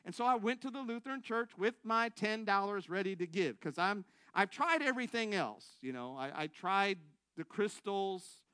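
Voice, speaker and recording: A man's voice: sits high, lively intonation, normal speed, sharp tone, clean tone, dry recording. A man giving a sermon testimony in a church, telling a story, acting out his own thoughts and calling out to the congregation for responses.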